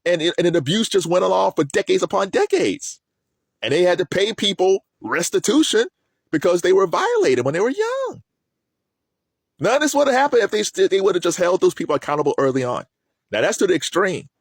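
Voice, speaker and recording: Animated man giving casual commentary. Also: high-pitched, a little fast, creaky, slightly rough, no room sound. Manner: animated, repeats words while thinking.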